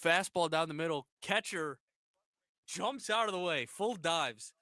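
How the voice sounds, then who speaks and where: Lively, bright-voiced male sports radio host. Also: fairly high pitch, a little slow, no room sound, studio quality. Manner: animated storyteller who acts out quoted people. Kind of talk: casual sports chat and storytelling.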